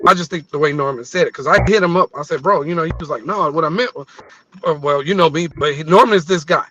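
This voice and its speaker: Sex: man. Role: co-host. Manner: animated storytelling with frequent restarts. Tone: bright, forceful. Pitch: fairly high. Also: fast, slight background noise, poor audio. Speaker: co-host on a live show. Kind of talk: casual chat.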